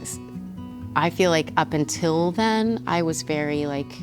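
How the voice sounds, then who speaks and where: A woman's voice: low-pitched, unhurried, music in the background. A woman from Texas, a voice actress, chatting animatedly over a meal as a guest in a studio kitchen and laughing often. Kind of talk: casual interview over a meal.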